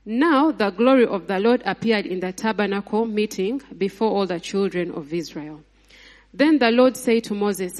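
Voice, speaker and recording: A married woman preaching a lively sermon, acting out scenes with laughs and sudden high exclamations. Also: normal speed. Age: adult, married mother. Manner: acts out voices of people and God in her retelling. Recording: long hall reverb.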